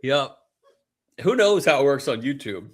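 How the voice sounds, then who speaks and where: A man's voice: mid-range voice, big pitch swings, a little slow, husky. A man co-hosting a casual whiskey podcast, joking and rambling with plenty of fillers. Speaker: podcast co-host.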